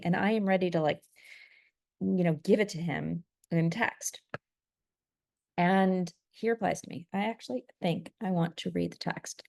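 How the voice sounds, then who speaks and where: Middle-aged woman, lowish voice, dry close mic; candid vlogger who gets animated acting out both sides of an argument. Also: measured pace, gravelly, no echo. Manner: candid, animated when quoting, laughs at herself. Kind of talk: reflective personal storytelling.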